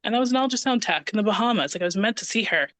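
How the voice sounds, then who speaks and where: Animated woman telling a story. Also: mid-range voice, racing, no room sound. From Canada (Ontario). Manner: animated, acts out quoted dialogue. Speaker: podcast guest. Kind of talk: casual storytelling conversation.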